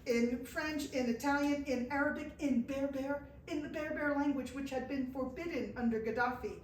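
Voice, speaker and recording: A woman from the United States telling a lively pilgrimage story to a small audience, slipping into the voices of the people she met. Her voice sits fairly high and sounds distant, caught in an echoey room with a light hiss behind it. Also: normal speed. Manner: animated storyteller, acts out quoted voices, laughs at herself. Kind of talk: live storytelling talk. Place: indoor event room with an audience. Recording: echoey room from far off, faint noise.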